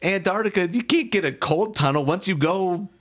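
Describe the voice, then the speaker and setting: A man co-hosting a podcast in casual chat, lively and quick to push his voice up when he argues or gets excited. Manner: animated, jumps pitch up when excited or arguing. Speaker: podcast co-host.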